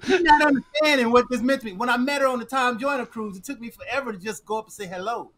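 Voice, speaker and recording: A man's voice: very high-pitched, fast talker, fairly bright tone. A man co-hosting a podcast, chatting casually, flustered and stammering. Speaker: podcast co-host. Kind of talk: casual chat.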